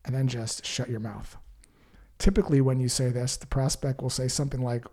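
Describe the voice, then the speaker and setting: A man giving a calm sales-coaching talk, acting out short example phone calls. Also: mid-range voice, brisk. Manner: calm, coaching, acts out example call lines. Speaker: sales trainer. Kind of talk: instructional talk with sample call scripts.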